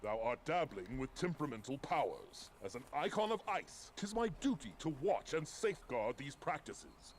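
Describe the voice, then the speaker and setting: A man's voice: medium pitch, sing-song, normal speed, few pauses, noisy background. A man voicing a proud male ice warrior champion in a video game, speaking in a grave, old-fashioned formal way. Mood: solemn. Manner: old-fashioned formal speech, solemn proclamations. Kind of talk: video game character dialogue.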